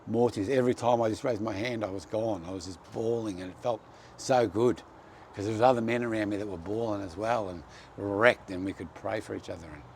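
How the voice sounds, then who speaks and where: A man's voice: fairly low pitch, vocal fry, a little mellow, slight background noise. A man giving a personal faith testimony, telling his story in an earnest, heartfelt way.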